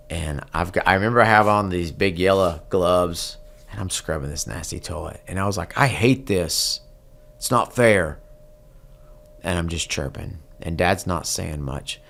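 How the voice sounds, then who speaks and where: A Texan country singer, appearing as a guest, earnestly tells a personal story during an interview, slowing down at the key moments in a reflective way. His voice is deep and gravelly with a slight brightness.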